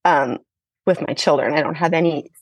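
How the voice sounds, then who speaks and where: A woman's voice: low voice, normal speed, no room sound. A millennial woman yoga teacher, a guest in an interview, talking in a thoughtful, frank way and laughing often. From Los Angeles. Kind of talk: reflective conversational interview.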